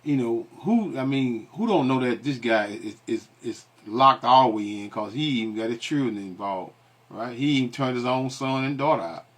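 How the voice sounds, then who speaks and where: A man's voice: medium pitch, normal speed, a bit bright. A man giving casual commentary that turns into scripture teaching, asking rhetorical questions and answering them himself. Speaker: online commentator and preacher.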